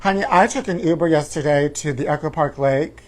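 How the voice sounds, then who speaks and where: A man hosting a live-stream chat show, campy and flamboyant, calling viewers honey and letting out shrill woos. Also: a little fast. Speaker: host.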